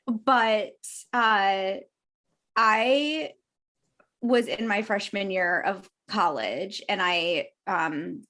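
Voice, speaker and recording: A woman co-hosting a podcast, telling a personal story in a casual, hesitant way with frequent pauses and laughs. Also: mid-range voice, sharp tone. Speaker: podcast co-host.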